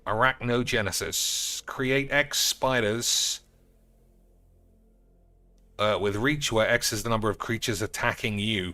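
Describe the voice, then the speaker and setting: A man casually commenting on cards while streaming a game, sarcastic and crude, swearing often and breaking into loud outbursts. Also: fairly low pitch, no room sound.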